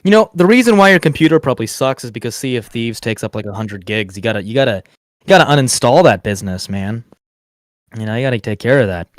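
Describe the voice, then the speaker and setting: A man's voice: medium pitch, lively intonation, fast talker, dry recording, clean studio sound. A man hosting a casual interview, laid-back and joking. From Poland. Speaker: host.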